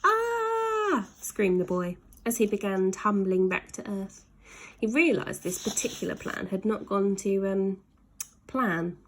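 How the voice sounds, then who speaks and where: A woman reading a children's story aloud in an expressive, dramatic storytelling manner. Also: medium pitch, a little slow, slight background noise.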